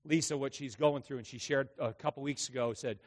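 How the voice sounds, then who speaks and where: A male pastor preaching a sermon in a church, emphatic, swinging between loud and hushed. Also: mid-range voice, fairly even intonation, a little fast, long reverb tail. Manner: emphatic preaching with dramatic acted quotes and big volume swings. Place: church sanctuary.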